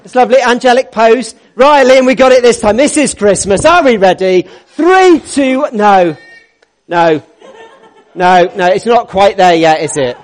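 High-voiced man, upbeat and jokey. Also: normal speed. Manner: upbeat, jokey, coaxing people into place. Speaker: church service leader. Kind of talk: leading a congregation activity. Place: church hall with a congregation.

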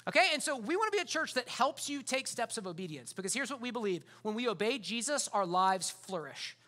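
A man's voice: very high voice, big pitch swings, a little fast, bright, forceful tone. A man preaching a sermon as pastor, in a casual, conversational way full of fillers.

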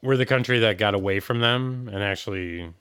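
A man's voice: fairly low pitch, fairly quick, a bit bright, clear, resonant tone. A man co-hosting a casual chat podcast, joking and teasing with frequent laughter. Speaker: podcast co-host.

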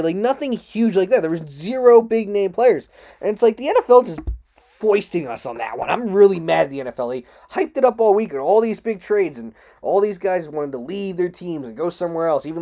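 A man hosting a solo sports talk show, ranting in a frustrated, rambling way, swearing and jumping sharply up in pitch. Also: dark tone. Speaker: podcast host.

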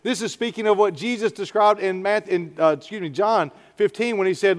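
Middle-aged pastor, high voice, earnest conversational sermon, long church reverb. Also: male voice, brisk. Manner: earnest, conversational preaching with prayerful asides. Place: church sanctuary.

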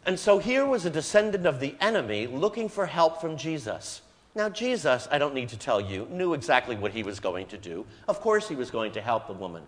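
A man's voice: mid-range voice, sing-song, fairly quick. A man, a priest, giving a conversational storytelling homily, recorded live in his parish church. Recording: long church reverb.

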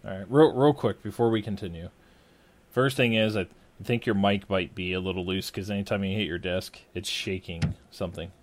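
A man's voice: low-pitched, fairly even intonation, brisk, slight background noise. A man co-hosting a casual gaming podcast, making brief practical remarks to keep things moving. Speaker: podcast co-host.

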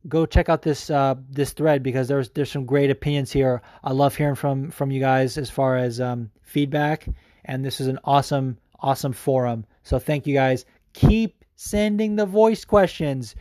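A man hosting a podcast, talking casually in a rambling, excitable way with plenty of fillers and swearing. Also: medium pitch, moderate pace, no echo, clean studio sound. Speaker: podcast host. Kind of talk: casual chat.

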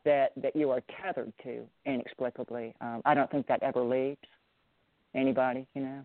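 A man's voice: medium pitch, flat delivery, brisk, no room sound. Southern-accented man, tinny phone line. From Southern United States. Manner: thoughtful, with many restarts and repeated words. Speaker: writer, interview guest. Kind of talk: reflective interview answers.

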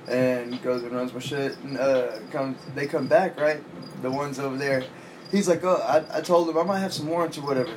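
A man's voice: mid-range voice, a little fast, background noise. A man casually telling a story among friends, slangy and laughing often. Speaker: storyteller in group chat. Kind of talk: casual chat.

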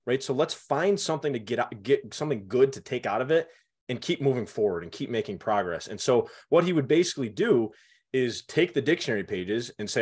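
A young man in casual conversation, co-hosting and telling childhood stories with animated, acted-out quotes. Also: medium pitch, brisk, breathy edge. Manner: animated storytelling, acts out quotes.

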